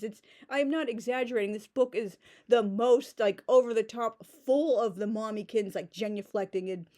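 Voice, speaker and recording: A woman's voice: on the high side, fairly quick, hardly any pauses, warm tone. A woman in her forties giving a sarcastic, exasperated rant as a book reviewer. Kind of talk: ranting book critique.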